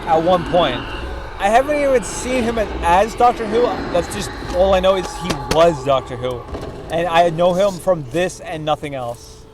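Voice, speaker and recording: A high-voiced man, drunk and giggly, rambling and trailing off mid-sentence as he chats over a video call. Heavy background noise hisses through the call audio. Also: normal speed. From Canada. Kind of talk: casual chat on a movie watch-party call.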